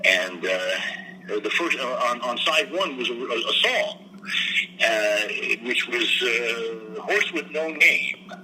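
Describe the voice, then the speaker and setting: A man's voice: mid-range voice, animated, takes it slowly, pushed and bright, slight background noise, poor audio. An older man from New Jersey, a guest entertainer, telling his story in a meandering way with many fillers and restarts. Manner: meandering, frequent fillers and restarts, clears throat. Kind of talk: rambling casual interview answers.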